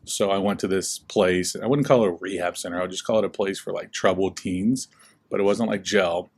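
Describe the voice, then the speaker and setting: A young man with a slightly low voice tells his life story in a casual school interview. He is relaxed and chatty, leans on "like" a lot, and acts out the people he quotes. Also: brisk, slight background noise. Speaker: guest speaker.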